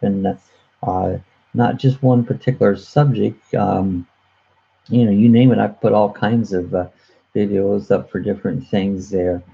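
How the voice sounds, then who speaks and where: A man's voice: fairly low pitch, steady tone, unhurried, creaky, slightly rough, narrow, tinny audio. A man hosting a casual live chat on his own channel, rambling with lots of fillers and chuckles, recorded on a computer webcam mic. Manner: chuckling, many uh fillers and restarts. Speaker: host of a live chat show.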